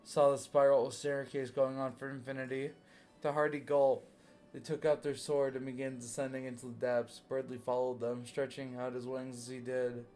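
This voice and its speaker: A man's voice: medium pitch, level tone, normal speed, darkish tone, soft background music. A young man reading fanfiction aloud for laughs, swearing and self-mocking as he comments on it. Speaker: reader reacting to fanfiction.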